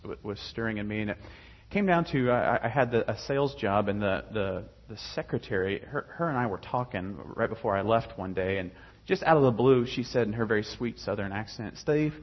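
A man's voice: medium pitch, slightly rough, lo-fi sound. A young adult man casually telling his personal faith story, rambling with many fillers and restarts.

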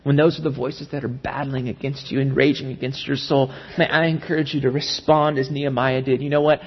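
A man preaching a sermon. He acts out the tempting inner voices quickly, then slows down and drops low and quiet on key lines. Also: level tone, breathy edge, muffled recording. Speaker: pastor.

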